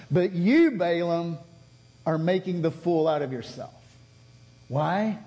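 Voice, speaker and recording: A pastor preaching a sermon, telling a story with lively swings between loud and hushed delivery. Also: male voice, a little high. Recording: long reverb of a large hall.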